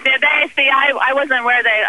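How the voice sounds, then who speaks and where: Indignant woman, activist on the phone, very bright voice, dry sound. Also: high-pitched, fairly even intonation, moderate pace, no echo, poor audio. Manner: earnest, indignant, many ums. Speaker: guest activist. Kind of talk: phone-in interview.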